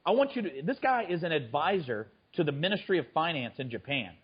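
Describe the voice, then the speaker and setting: A man's voice: fairly high pitch, very animated, fairly quick, slightly rough, muffled recording. A man speaking as a trader guest in a conversational interview, often restarting his sentences. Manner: frequent stammered restarts. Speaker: guest, fund manager and trader.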